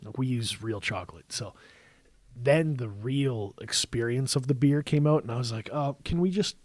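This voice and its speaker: A Canadian man hosting a casual podcast chat, telling lively stories and laughing often. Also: mid-range voice, moderate pace, dry recording. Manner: animated storyteller, laughs often. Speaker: podcast host from the brewery.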